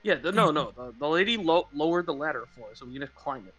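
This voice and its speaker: A man playing in a tabletop game, quick and joking in manner, heard through dull lo-fi sound. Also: a little high, lively intonation, a bit bright. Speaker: player. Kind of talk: casual tabletop game play.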